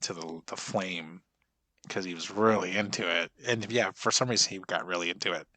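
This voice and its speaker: A rambling, profane man in his forties, talking through a movie reaction in casual chat. His voice sits a little low but sounds bright and forceful. The sound is dry and close, with no room behind it. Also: moderate pace, no room sound. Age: 40s. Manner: rambling, profane, stops and restarts a lot. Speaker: podcast co-host.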